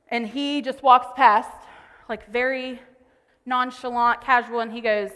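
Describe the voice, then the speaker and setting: A woman speaks from a church stage, telling a story from home in a loose, conversational way. Her voice sits a little high and sounds bright. The big room gives it a long reverb tail. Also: a little slow, long pauses. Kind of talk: sermon. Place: church auditorium.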